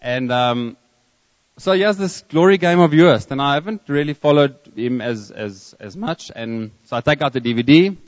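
A man with a South African accent preaching a sermon, telling a story in a reflective way with pauses and restarts. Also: mid-range voice, animated. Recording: long hall reverb, dull lo-fi sound.

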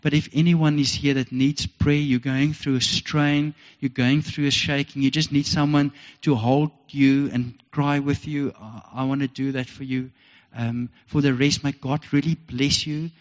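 A man's voice: mid-range voice, flat delivery, unhurried, hardly any pauses. An earnest South African man preaches a heartfelt sermon, circling back to the same phrases. His voice carries a long reverb through a church hall. The recording is dull and lo-fi. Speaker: pastor.

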